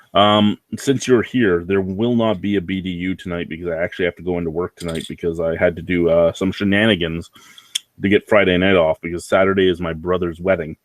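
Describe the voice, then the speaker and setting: A man's voice: low-pitched, fairly even intonation, moderate pace, no echo. A man ranting in a casual vlog, rambling, swearing and sounding anxious. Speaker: vlogger.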